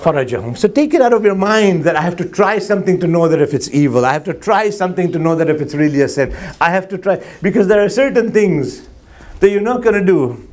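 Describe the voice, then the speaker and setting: A high-pitched male Muslim preacher delivers a sermon full of anecdotes to a crowd in a mosque hall. He talks at a quick pace, tells stories with animation, jokes and banters with the audience, and acts out dialogue.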